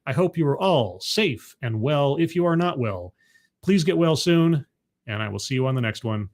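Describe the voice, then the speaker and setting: A man's voice: mid-range voice, expressive, normal speed, darkish tone. A man signing off a live stream in a rambling, self-deprecating way, with frequent restarts. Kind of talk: casual live-stream sign-off.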